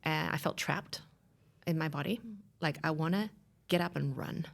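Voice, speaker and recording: A woman's voice: sits low, normal speed, vocal fry. A woman in her thirties giving an emotional personal testimony, storytelling with animation and acting out the voices of others. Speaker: guest sharing her story.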